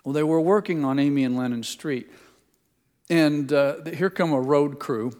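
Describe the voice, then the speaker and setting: A man's voice: a little high, moderate pace, a little mellow. An older man gives a sermon in a folksy, teasing storyteller's manner, speaking to a gathered congregation. His voice carries a long reverb tail from the large hall around him. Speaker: pastor. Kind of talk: sermon with folksy family stories.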